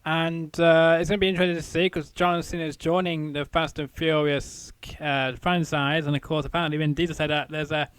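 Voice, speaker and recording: A man's voice: a little high, little pitch movement, a little fast, few pauses, fairly bright tone, clean tone, no room sound. A man hosting a casual interview show, rambling with many fillers and repeated "I think". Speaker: show host.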